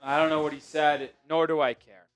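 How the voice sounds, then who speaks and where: A man's voice: a little high, flat delivery, brisk. A man hosting a sports live stream, reacting chattily to plays, bets and fantasy scores. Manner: chatty play-by-play reactions, betting and fantasy talk. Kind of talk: casual live-stream commentary.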